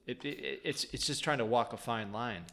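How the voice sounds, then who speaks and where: A man's voice: mid-range voice, normal speed, gravelly, background noise. A man in casual chat telling a rambling story with many restarts and swearing.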